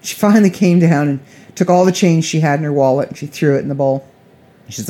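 A woman's voice: low-pitched, fast, mellow. Middle-aged woman, casual vlog storyteller, chatty and rambling, restarts often.

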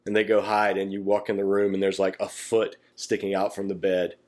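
A man's voice: sits low, completely flat delivery, brisk, darkish tone. A man teaching through a Bible passage in a casual, conversational way, animatedly acting out the people he quotes.

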